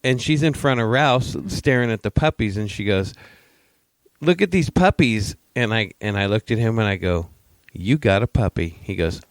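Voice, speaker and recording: Middle-aged man, podcast co-host, very low voice, dry close mic, rambling and teasing. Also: normal speed, dry recording. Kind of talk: casual chat.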